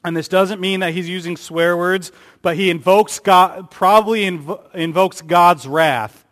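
A man's voice: steady tone, unhurried, fairly bright tone. A man preaching a sermon, who raises his voice for emphasis and acts out the quotes he reads. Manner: rises in pitch and volume for emphasis, acts out quotes. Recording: long hall reverb.

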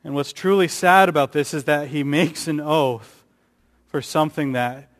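A man's voice: steady tone, normal speed. Man preaching in an echoing hall. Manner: rises in pitch and volume for emphasis, acts out quotes. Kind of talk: sermon. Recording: long hall reverb.

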